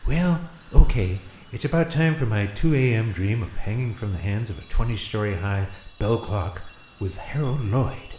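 A man's voice: on the low side, lively intonation, a little mellow, reverberant, slight background noise, natural voice. A man voicing a sleepy, doddering former president cast as a ghost, rambling and losing his place with many ums. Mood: drowsy. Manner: rambling, forgetful, halting with many fillers. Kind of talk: radio comedy sketch.

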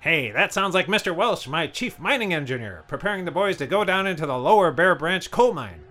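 A man's voice: a little high, very animated, bright, forceful tone, soft background music. A man playing a gleeful, miserly rich tycoon in a comic radio play. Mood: cheery. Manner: gleeful, chirpy, quick to laugh. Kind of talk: comedy radio-play acting.

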